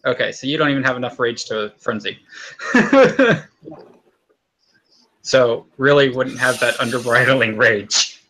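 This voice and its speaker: A man's voice: mid-range voice, lively intonation, a little slow, pauses often, pushed and bright, low-quality recording. A man playing a tabletop game, asking pointed questions about the rules. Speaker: player. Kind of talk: casual tabletop game chat.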